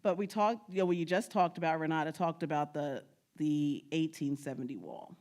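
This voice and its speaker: Low-pitched and a little mellow, this woman's voice moves at a moderate pace. A New Yorker and guest speaker, she delivers a humorous genealogy talk full of stories and laughter, talking right to the audience.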